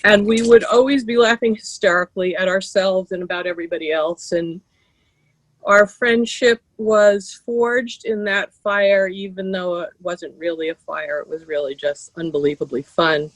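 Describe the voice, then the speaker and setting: A woman shares stories about an old friend at an online memorial. She speaks over a video call in a relaxed, anecdotal way. The sound is dry and close. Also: medium pitch, no room sound, low-quality recording. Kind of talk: casual storytelling remembrance.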